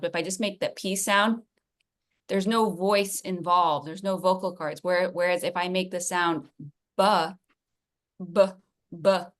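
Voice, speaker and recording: A woman with a slightly low voice joins a video call and explains phonetics clearly, demonstrating the sounds as she goes. She talks in a steady, explanatory way.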